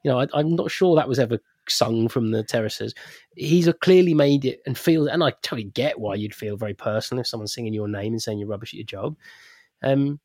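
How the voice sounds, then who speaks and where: A man co-hosting a football fan podcast, his voice sitting at an ordinary middle pitch. He talks in long winding sentences, stopping and restarting as he thinks. The sound is close and dry. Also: a little fast, a little mellow, no room sound. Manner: rambling, many restarts and fillers. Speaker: podcast co-host. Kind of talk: casual football podcast chat.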